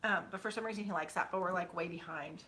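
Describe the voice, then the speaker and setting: A woman's voice: lowish voice, fast, bright, forceful tone, a little hiss or hum. A woman in her thirties chatting casually with viewers at home, rambling with many fillers. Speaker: YouTuber. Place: home, sitting on a bed.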